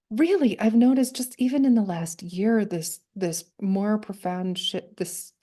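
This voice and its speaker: A woman speaking as a guest poet in a reflective conversation, halting and thoughtful, with soft laughs between her words. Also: mid-range voice.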